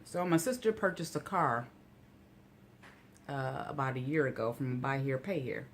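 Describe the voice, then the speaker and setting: A woman vlogger telling a rambling, casual story full of "you know" asides, getting animated and incredulous when outraged. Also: rumbling low, normal speed, slight background noise.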